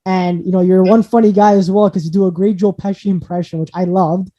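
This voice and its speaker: A man's voice: high voice, little pitch movement, brisk, dark tone, dull audio. A man hosting a podcast, enthusiastic and rambling, repeating himself as he chats. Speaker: podcast host. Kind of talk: casual interview chat.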